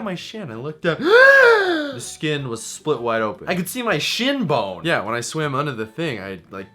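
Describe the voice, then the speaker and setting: A man's voice: on the low side, fairly bright tone. A young man from Massachusetts telling comic stories to camera in a self-mocking, jokey way, full of asides. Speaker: vlogger. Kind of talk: comedic storytelling to camera.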